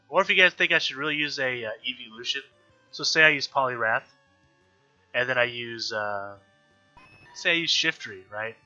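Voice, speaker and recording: A man's voice: medium pitch, normal speed, pauses often, bright, forceful tone. A man with a nasal voice from allergies, chatting casually as he plays a video game and thinks aloud. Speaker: gaming YouTuber. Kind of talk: casual let's-play commentary. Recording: dull lo-fi audio with faint game music. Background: faint game music.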